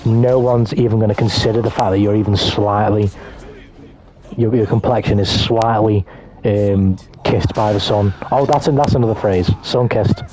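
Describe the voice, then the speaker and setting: A British man with a lowish voice rambles through casual stream commentary, cursing freely and joking with viewers as he plays. Faint game music hums behind him. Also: steady tone, moderate pace, a little mellow. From Britain. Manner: rambling, sweary, joking to chat.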